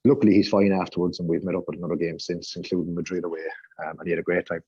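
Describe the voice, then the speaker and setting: Irish guy telling a sweary pub story, raspy, talks quick, dry sound. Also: low-pitched, flat delivery, mellow, no echo, muffled recording. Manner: rowdy, swearing anecdote teller. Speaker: podcast panelist. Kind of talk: casual storytelling.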